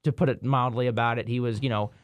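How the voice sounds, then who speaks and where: A man's voice: mid-range voice, fairly even intonation, fast talker, clear, resonant tone, no room sound. Male podcast host, casual sports chat, dry close sound, trips over his words a lot. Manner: rambling, repeats words and restarts, self-deprecating.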